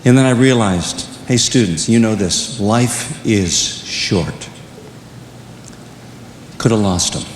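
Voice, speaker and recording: An older man telling comic stories to young people, swinging between loud punchlines and hushed, earnest moments. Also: moderate pace, few pauses. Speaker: speaker at a youth conference. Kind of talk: comedic storytelling. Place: large hall. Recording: echoey hall with faint rumble.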